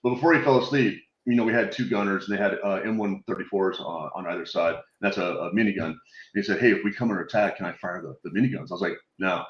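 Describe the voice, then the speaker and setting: A man with a low voice tells his stories with gusto. He swears freely and slips into the voices of the people he quotes. He is on a video call, and the audio sounds dull and echoey. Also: fast talker. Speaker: guest telling war stories. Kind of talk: casual storytelling chat.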